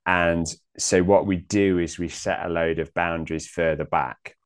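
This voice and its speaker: A man in a casual theological discussion, thinking aloud with many pauses and restarts. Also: sits low, steady tone, smooth. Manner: hesitant, many ums and restarts.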